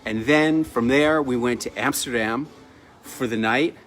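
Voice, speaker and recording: Storyteller, male, middle pitch, chatty and animated, light music underneath. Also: a little slow. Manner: chatty, lively anecdotal delivery with laughs. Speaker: entrepreneur telling a personal story. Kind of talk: casual storytelling.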